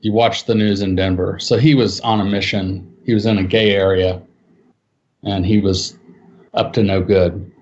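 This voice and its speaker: A man telling a personal eyewitness story in casual speech, acting out what people said with his voice jumping up for the quotes. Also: normal speed. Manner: animated, acts out quotes with raised pitch. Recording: dull lo-fi sound.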